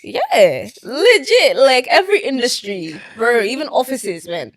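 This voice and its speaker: A young adult actress speaking as an interview guest in casual chat, expressive and quick to laugh. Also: female voice, a little high, no room sound. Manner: expressive, laughs often, lively storytelling.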